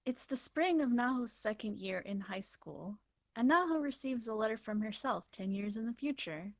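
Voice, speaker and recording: A woman's voice: fairly high pitch, animated, moderate pace, no room sound. A woman co-hosting a podcast, chatting in a dry, laid-back way and stumbling a little when reading aloud. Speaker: podcast co-host. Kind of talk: casual chat and reading a synopsis aloud.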